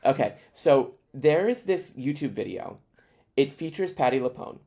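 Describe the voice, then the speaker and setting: A man chatting as a guest on a podcast, telling stories in an animated way with lots of fillers. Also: mid-range voice, moderate pace, creaky. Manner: animated storyteller, frequent fillers. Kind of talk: casual chat.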